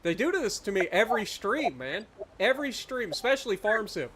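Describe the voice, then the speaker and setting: A man's voice: sits high, very animated, brisk, fairly bright tone, slightly rough. A man hosting a live game stream, chatting casually and telling self-deprecating stories. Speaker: streamer host. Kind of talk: casual chat while streaming a farming game.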